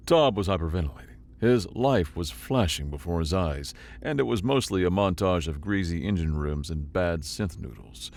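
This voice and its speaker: A man narrates a science-fiction tale in a scripted, dramatic storyteller's delivery. His voice is low and deep. It rises and falls widely with the action.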